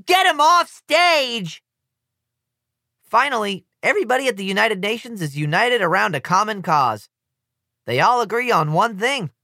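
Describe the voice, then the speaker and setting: Brief: male audiobook narrator, animated comic first-person read, bright tone, dry close recording. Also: high-pitched, fairly quick, creaky, no echo. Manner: lively, comic, youthful first-person delivery.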